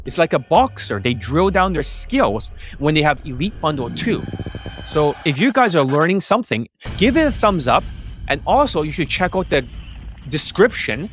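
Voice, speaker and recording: A middle-aged man, a dating coach, ranting to camera in a profane, emphatic monologue. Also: a bit bright. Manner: profane, emphatic, stresses words with rising pitch.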